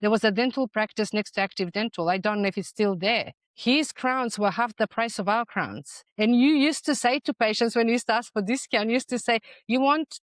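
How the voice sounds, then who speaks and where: A woman's voice: on the high side, brisk, few pauses, dry recording. A middle-aged woman speaking as a podcast guest, explaining her ideas in a persuasive, emphatic way. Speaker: guest, dental practice management consultant. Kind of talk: conversational interview.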